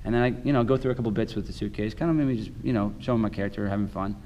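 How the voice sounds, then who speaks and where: A man's voice: fairly low pitch, rapid-fire, a little hiss or hum, low-quality recording. A man who works as a juggler and stage performer, telling stories in a casual interview and acting out scenes and quotes. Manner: animated, acts out scenes and quotes.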